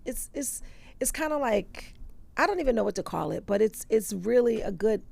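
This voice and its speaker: Gravelly-voiced woman comedian chatting. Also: fairly high pitch, normal speed. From New York. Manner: animated storytelling, drops into quoted voices. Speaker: comedian guest. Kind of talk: casual podcast chat.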